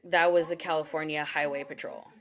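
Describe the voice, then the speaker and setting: A woman's voice: deep voice, fairly even intonation, fairly quick, a bit bright. A woman in her forties tells a personal story on a livestream, rambling and emotional, with many fillers and frequent swearing. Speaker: spiritual reader hosting a live stream. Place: home, livestream. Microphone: phone or webcam.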